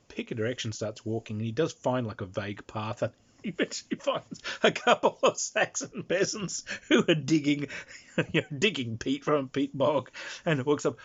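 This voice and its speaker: Husky man telling a game story. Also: mid-range voice, normal speed. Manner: animated, chuckling, many ums. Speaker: game master telling an anecdote. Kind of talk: casual storytelling. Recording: dull lo-fi recording.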